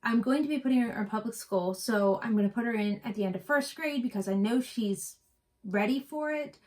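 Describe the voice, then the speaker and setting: This woman's voice is on the high side, a little fast, and a little mellow. Co-hosting a cross-stitch vlog, the middle-aged West Virginian chats casually and drifts into rambling stories.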